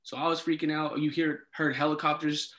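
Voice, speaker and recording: Animated man with a bright voice. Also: fairly high pitch, fairly quick. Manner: animated, acts out dialogue, many fillers. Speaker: former resident assistant. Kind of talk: casual storytelling.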